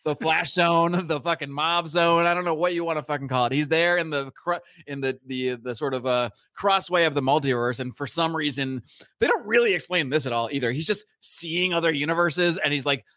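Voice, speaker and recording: Bright-voiced ranting podcast man. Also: on the high side, fairly quick, dry recording, clean studio sound. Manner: animated, profane, ranting. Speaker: podcast co-host. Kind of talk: casual podcast chat.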